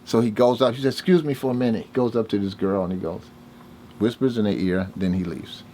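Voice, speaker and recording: Older new guy, lowish voice, telling stories and doing everyone's voices, bit of hiss. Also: fast talker. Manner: animated storyteller, acts out dialogue with big pitch jumps. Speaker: interviewee, music producer. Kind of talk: casual storytelling interview.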